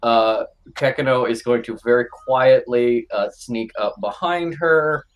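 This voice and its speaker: A man runs a tabletop game as its game master. His voice sits at an ordinary middle pitch, and his narration comes out halting, padded with filler sounds. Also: rough recording.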